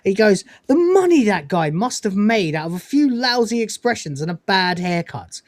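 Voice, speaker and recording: A podcast host reviewing episodes animatedly recaps a show in casual chat, acting out the quoted lines as he tells it. His voice is high-pitched and his pace normal, in a dry recording.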